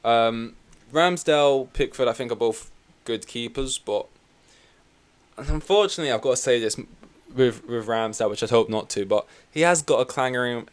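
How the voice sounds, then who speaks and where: A man's voice: mid-range voice, normal speed. A young man hosting a podcast, rambling through a casual football chat with sweary, wry complaints. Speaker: podcast host.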